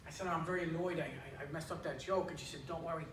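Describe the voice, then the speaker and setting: A man's voice: a little high, fairly even intonation, fast. A man in his fifties performing a stand-up comedy set, telling stories in a chatty way with plenty of filler words. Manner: conversational storytelling with lots of filler words. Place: club stage with an audience. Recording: echoey room, distant mic, audience noise. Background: audience laughter.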